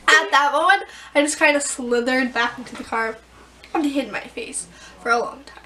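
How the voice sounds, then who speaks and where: A young woman vlogging, telling embarrassing stories in a giggly, animated way and acting out the scenes. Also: sits high, moderate pace, noisy background. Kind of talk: casual storytelling vlog.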